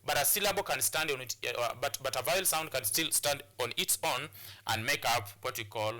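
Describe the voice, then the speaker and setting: Bright-voiced Kenyan man teaching. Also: mid-range voice, fairly quick. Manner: repetitive, hesitant with many fillers. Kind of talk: televised classroom lesson.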